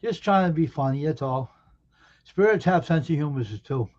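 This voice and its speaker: A man hosts a casual live stream, chatting in a sleepy, grumbling way between yawns. His voice sits a little high for a man. The sound is dull and lo-fi. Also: animated, normal speed, a little mellow. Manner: sleepy, yawning, grumbles about the weather.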